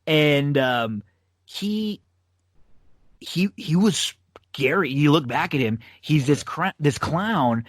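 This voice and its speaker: Slow-paced and animated, a man with a fairly high voice hosts a casual podcast rewatching old wrestling matches. He laughs often and rambles through plenty of fillers and restarts; the studio-quality audio has no echo.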